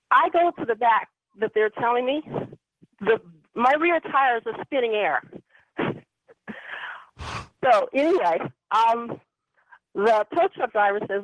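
A woman with a fairly high, expressive voice calls in to a radio show and tells a personal story at normal speed, chatty and rambling with lots of ums and anyways. Her voice comes through a dry, tinny phone line with no room sound.

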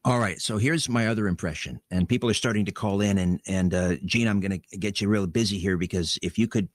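A man hosting a call-in radio show, talking in a measured way with frequent ums. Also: on the low side. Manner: measured, hesitant with ums, drawn-out words. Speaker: radio host. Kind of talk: late-night call-in radio.

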